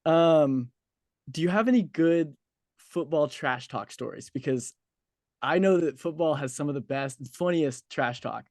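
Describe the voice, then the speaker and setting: A young man in his twenties leads a casual interview with a somewhat high voice. He talks in a chatty, easygoing way, laughs easily and leans on filler words. The sound is dry and close. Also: unhurried, a little mellow, no room sound.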